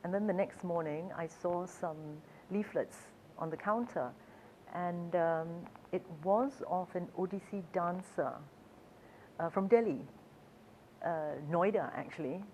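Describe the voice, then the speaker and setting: A woman's voice: lowish voice, unhurried, warm tone, slight background noise, poor audio. A woman who is a travel author, telling stories in a chatty, hesitant way with fillers and frequent laughs. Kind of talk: storytelling talk.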